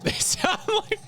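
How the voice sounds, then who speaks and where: A man streaming a video game, chatting casually with viewers in an animated way and laughing often. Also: very high-pitched.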